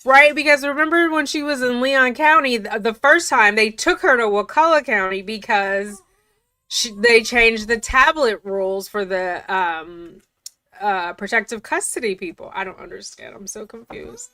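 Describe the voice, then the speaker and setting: A woman's voice: on the high side, moderate pace, bright, forceful tone, dry recording. A woman reading official documents aloud and breaking off for casual, incredulous commentary. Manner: chatty, incredulous, often laughing.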